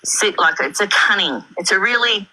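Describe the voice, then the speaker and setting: A woman commenting critically on a live stream, building her points slowly with repetition and fillers. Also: mid-range voice, lively intonation, sharp tone, poor audio. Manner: measured, repeats points, many fillers.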